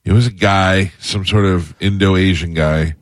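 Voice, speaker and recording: A man's voice: low-pitched, fairly even intonation, a little slow, no echo, clean studio sound. A man in casual show chat, blunt and crude, cracking jokes. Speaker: co-host.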